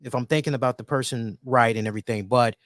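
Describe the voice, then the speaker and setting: A man hosting a solo wrestling review, talking in an animated, emphatic way and repeating words for emphasis. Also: mid-range voice, fast talker, no echo, studio quality. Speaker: wrestling show reviewer, host.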